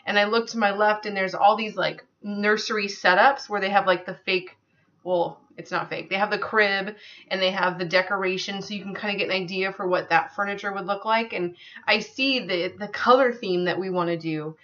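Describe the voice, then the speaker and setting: A woman's voice: mid-range voice, fairly even intonation, moderate pace, bright, forceful tone, lo-fi sound. A woman telling a personal story to her viewers in an earnest, conversational way, with many fillers. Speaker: vlogger.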